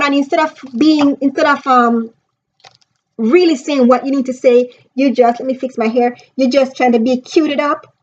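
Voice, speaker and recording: A woman's voice: high-pitched, steady tone, measured pace, muffled recording. A woman and author giving an earnest, emphatic book review in a casual vlog, speaking straight to her viewers.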